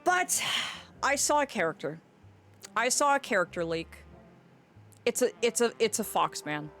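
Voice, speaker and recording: Female streamer, very expressive pitch, chatty and playful, soft game music underneath. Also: a little slow. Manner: animated, rambling, playful. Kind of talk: casual gameplay commentary.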